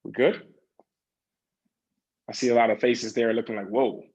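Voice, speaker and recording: A man's voice: mid-range voice, flat delivery, normal speed, darkish tone, breathy edge, lo-fi sound. A man leading a group coaching session over a video call, talking in a loose, chatty way with many fillers and acting out the questions people ask themselves. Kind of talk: casual motivational coaching talk.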